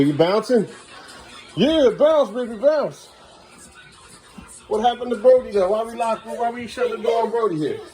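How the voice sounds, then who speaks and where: At home, a man films a casual family vlog of his day with his sons, coaxing his small children and bantering with them. He has a medium-pitched voice with a dark tone.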